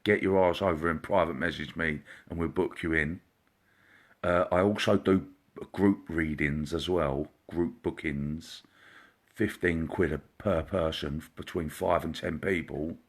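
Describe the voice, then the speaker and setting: A man, a psychic medium, hosting a casual live stream, chatty and greeting viewers by name, sometimes dropping into a quiet murmur. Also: very deep voice, steady tone, measured pace. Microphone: computer or phone mic, live stream.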